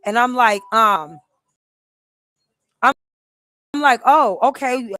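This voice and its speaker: A woman's voice: on the high side, slow, long pauses, no room sound. Middle-aged woman, live-stream host, emphatic chatty storyteller, dry close sound. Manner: animated, emphatic storytelling with many restarts.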